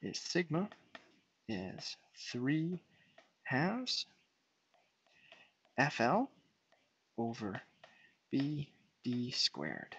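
A man's voice: a little high, sing-song, extremely slow, creaky, long pauses, fairly bright tone, husky. A man giving an unscripted whiteboard lecture, explaining step by step as he draws and often restarting his phrases. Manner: unscripted, restarts and fillers while drawing. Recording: dull lo-fi sound.

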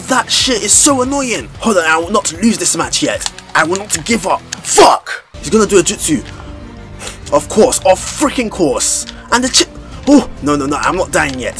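Excitable young man doing loud gameplay trash talk. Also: high-pitched. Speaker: gaming YouTuber. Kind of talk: live gameplay commentary.

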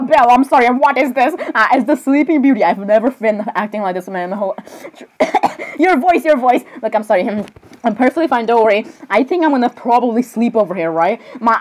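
A woman's voice: a little high, poor audio. A woman doing a rambling comic voice-over for cartoon characters, apologizing over and over and breaking into jumpy squeals.

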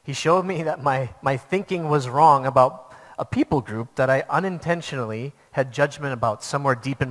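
Male pastor, earnest storytelling sermon, mid-pitched, long hall reverb.

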